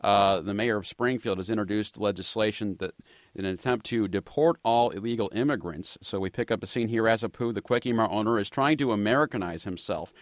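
Low-voiced male radio host. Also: no room sound, clean studio sound. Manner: halting, restarts while setting up clips. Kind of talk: radio talk show.

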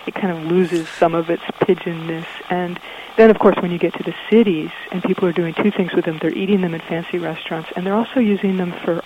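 A woman's voice: on the low side, background noise. A woman guest in a radio interview, explaining in a thoughtful way with frequent ums, heard through dull, muffled audio.

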